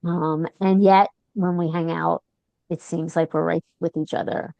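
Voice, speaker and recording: A woman in her fifties from Long Island speaks fondly to a lifelong friend, her low voice recorded close and dry. She laughs easily and reels off affectionate memories. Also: level tone, a little slow, vocal fry, warm tone, no echo. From Long Island, New York. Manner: fond, laughing, list-like tributes. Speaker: interviewer. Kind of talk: warm, affectionate conversational interview.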